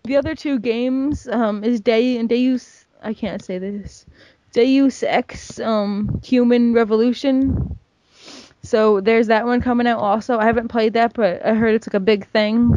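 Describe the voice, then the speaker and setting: A woman's voice: fairly high pitch, steady tone, moderate pace, darkish tone, no room sound, dull audio. A young woman co-hosting a casual gaming chat, rambling with lots of fillers. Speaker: gaming podcast co-host.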